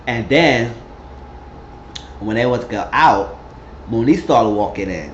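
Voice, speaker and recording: A man telling a casual, animated recap of a reality show, acting out the quotes as he goes. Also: medium pitch, slow pace, pauses often, slight background noise. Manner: animated storytelling with acted quotes. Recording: roomy, slightly dull recording.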